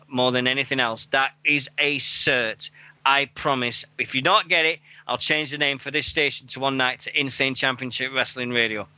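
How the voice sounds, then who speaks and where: A British man on a headset mic, hosting a casual wrestling radio show, rambling, swearing and laughing between shout-outs. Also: medium pitch, moderate pace, dry recording.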